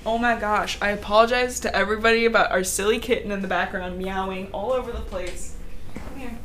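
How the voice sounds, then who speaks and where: Young woman co-host, casual chatty recap, frequent laughs, mid-pitched, loose delivery. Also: steady tone, fairly quick, fairly bright tone, a little hiss or hum. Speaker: podcast co-host recapping a book. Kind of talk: casual chat.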